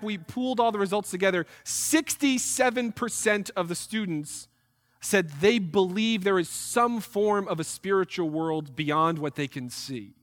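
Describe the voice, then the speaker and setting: A man's voice: high voice, in a large hall. A young man from New York giving a missionary presentation to a church group, telling stories with jokes and acted-out asides. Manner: animated, jokey storytelling with acted-out asides. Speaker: missionary speaker.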